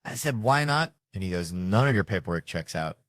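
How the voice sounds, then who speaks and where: A man's voice: low-pitched, expressive, fast talker, no echo. A man telling a stand-up story in a rowdy, profane manner, imitating the people in it. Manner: rowdy, profane anecdotes with mimicked voices. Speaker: stand-up comedian.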